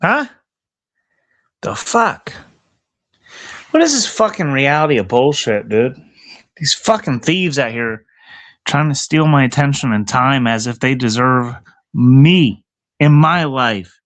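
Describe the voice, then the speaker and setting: A man livestreaming outdoors in the cold, ranting angrily and profanely at his chat and at himself. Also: a little high.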